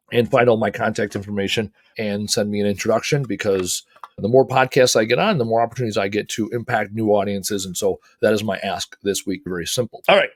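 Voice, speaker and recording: A middle-aged man from the United States giving an energetic, emphatic motivational talk as host, swearing casually. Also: lowish voice, no echo, studio quality.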